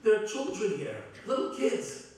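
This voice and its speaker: A middle-aged man, a rabbi, giving a heartfelt, halting eulogy with many restarts. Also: high-pitched, sing-song, a little mellow. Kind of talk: eulogy at a memorial gathering. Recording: very echoey hall from far off.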